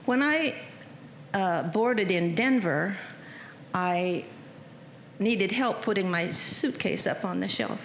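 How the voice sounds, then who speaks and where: A woman's voice: medium pitch, expressive, slow, pauses often. An older woman telling a chatty, folksy personal testimony to a church congregation. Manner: chatty, folksy storyteller, emotional. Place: church sanctuary. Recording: echoey church hall with faint noise.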